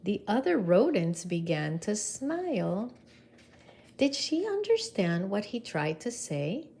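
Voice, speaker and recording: A woman reading a picture book aloud to children in an expressive way, pausing to ask her listeners questions. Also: medium pitch, slightly rough. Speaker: storybook reader.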